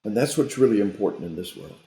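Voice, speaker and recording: A man's voice: lowish voice, lively intonation, fast, dark tone. Emphatic, preachy older-style trainer, man. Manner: emphatic, sermon-like, with repeated restarts. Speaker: guest military trainer. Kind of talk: interview talk, preachy storytelling. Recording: roomy echo.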